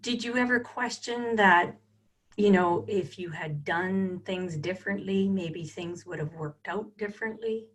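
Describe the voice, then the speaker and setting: A woman host conducting an interview, asking sympathetic, gentle questions. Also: medium pitch, a little slow.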